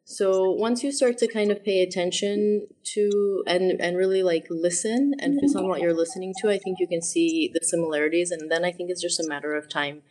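A woman's voice: fairly low pitch, a little fast, few pauses, darkish tone. A woman in her thirties, a guest in an interview, talking reflectively and explaining with examples. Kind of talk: conversational interview.

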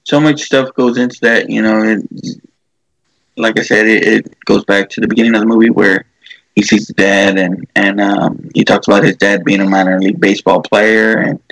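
Man, low gravelly voice, dry close sound; chatty co-host who rambles and restarts. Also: flat delivery, normal speed, fairly bright tone, dry recording, poor audio. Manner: rambling, many fillers and restarts, acts out quotes. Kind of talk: casual chat, retelling a movie.

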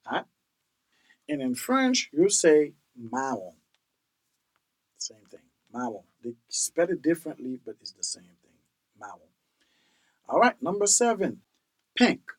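A man hosts a casual language-lesson podcast at an unhurried pace. His pitch moves around a lot as he says each word several times. He keeps asking "all right?" to check in with the listener. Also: rough recording. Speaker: podcast host teaching language.

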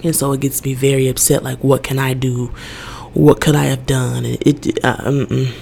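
A young woman hosting her own podcast, talking through her feelings in a loose, rambling monologue. Her voice has a gravelly, creaky edge, and she leans on "like" constantly as she circles her thoughts. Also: a bass voice, flat delivery, moderate pace, warm tone, a little hiss or hum. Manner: emotional, rambling, heavy use of "like". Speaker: podcast host. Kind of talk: casual personal monologue.

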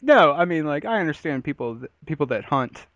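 A man's voice: a little high, sing-song, fairly quick, a bit bright, no room sound, dull audio. A man co-hosting a casual podcast, laughing often and swearing casually. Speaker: podcast co-host.

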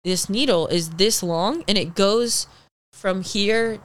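A young woman, a podcast guest, telling a personal story in casual chat, animated and swearing freely, acting out the people she quotes. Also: mid-range voice, slow. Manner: acts out the people in her story.

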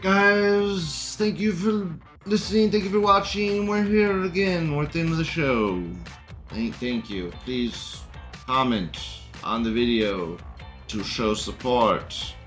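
A man hosts a livestream in a crude, sneering rant, his voice sitting a little high. He laughs often at his own remarks. Faint music runs under him. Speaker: host.

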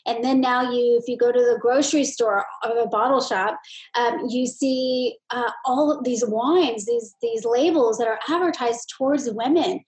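A woman's voice: fairly high pitch, normal speed, low-quality recording. A woman hosting a podcast, chatting with many fillers and asides. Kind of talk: podcast conversation.

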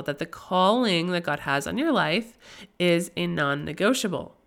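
A woman's voice: on the low side, animated, moderate pace, creaky, fairly bright tone. Nasal-sounding young woman podcaster. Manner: chatty, rambling into tangents, often asks "right?". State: nasal and tired from a lingering cold. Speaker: podcast host. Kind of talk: casual faith-based podcast monologue.

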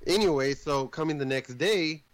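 A man tells a movie story in a loose, rambling way, cursing casually as he goes. His voice sits a bit high for a man. The sound is dry and close, with no room in it. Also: normal speed, no echo, low-quality recording. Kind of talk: casual movie recap chat.

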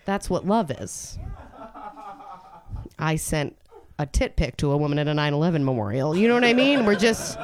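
A woman in her thirties performing a stand-up comedy set on a club stage, brash and animated, jumping into high exasperated outbursts. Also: moderate pace, long pauses, a crowd in the background. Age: 30s. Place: comedy club stage before a live audience.

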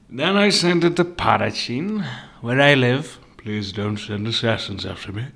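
Solo male podcast host, slow drawl, profane and rambling, loud-to-hushed swings, home living room. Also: medium pitch, lively intonation. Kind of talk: casual rant.

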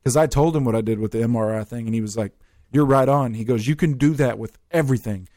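Male podcast host, animated storyteller, medium pitch, dry close mic. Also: fast talker, no echo. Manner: animated storyteller, swears freely. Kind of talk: casual chat.

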